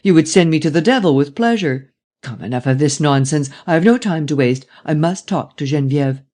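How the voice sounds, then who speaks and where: A man voicing a suave gentleman thief who talks calmly and wryly. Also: a little high, natural voice. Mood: dismissive. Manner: calm, wry, deliberate. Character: suave, cynical gentleman thief, calm and scheming.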